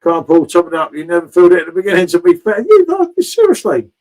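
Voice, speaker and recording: A man's voice: on the high side, steady tone, racing, a little mellow, rough recording. A man in casual live-stream chat from a home bar, chatty and swearing freely, calling everyone mate.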